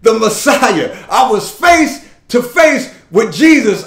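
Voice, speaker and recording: A man with a high voice delivers an unhurried, impassioned first-person sermon monologue in a church. He stammers and repeats words, then builds to shouts, and his voice rings around the roomy hall. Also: very animated. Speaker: preacher. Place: church sanctuary.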